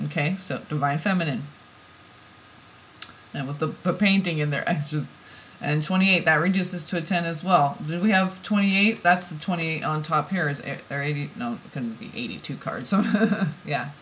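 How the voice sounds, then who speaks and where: A woman giving an oracle card reading, musing softly and then bursting into heated, swearing rants. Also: low-pitched, normal speed, a little hiss or hum. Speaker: tarot reader.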